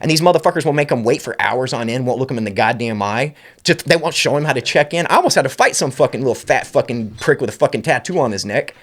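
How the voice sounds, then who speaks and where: Fast-talking, angry, profane man. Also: mid-range voice, expressive. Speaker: podcast host. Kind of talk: uncensored podcast rant.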